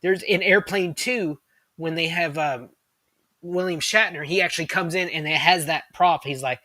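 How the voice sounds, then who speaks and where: A man's voice: a little high, normal speed, pushed and bright, dry recording. A man co-hosting a podcast, chatting with enthusiasm, rambling with lots of fillers and restarts. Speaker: podcast co-host. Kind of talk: casual chat.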